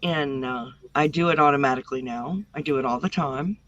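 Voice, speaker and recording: A woman from the American South with a smooth voice, telling her story as an interview guest over a video call. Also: very deep voice, fairly quick, no room sound, lo-fi sound. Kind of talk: casual conversation.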